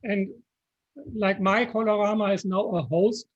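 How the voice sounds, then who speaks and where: A man with a German accent, patiently explaining software step by step on a video call. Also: high voice, fairly even intonation, measured pace. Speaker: software presenter. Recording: dull lo-fi call audio.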